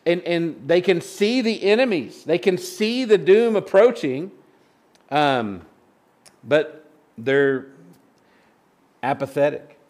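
A man's voice: high-pitched, big pitch swings, slow pace, a little mellow. A man, a pastor, teaching a Bible study in an informal, earnest way, reading scripture aloud and often restarting his sentences.

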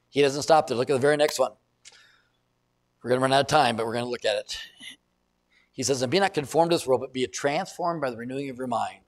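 A man's voice: mid-range voice, animated, fast, long pauses. A middle-aged male pastor preaching a sermon in a conversational way, building to emphatic bursts.

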